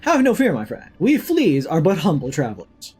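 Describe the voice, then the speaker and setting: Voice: mid-range voice, wildly swooping pitch, normal speed, a little mellow, soft background music, pitched below the performer's own voice. A streamer voicing Flea Master, a friendly flea caravan leader, with theatrical old-fashioned formal speech while reading game dialogue aloud. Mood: welcoming.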